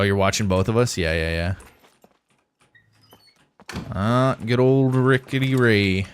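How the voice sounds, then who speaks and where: A young man streaming a survival game live, chatting casually with viewers as he plays. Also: lowish voice. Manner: casual, rambling, talks to chat while playing. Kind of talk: live gameplay commentary.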